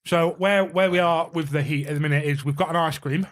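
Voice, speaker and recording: Excitable man, slightly high voice. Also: brisk. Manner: excitable, swears freely, jokey rants. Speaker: podcast co-host. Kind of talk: casual podcast chat.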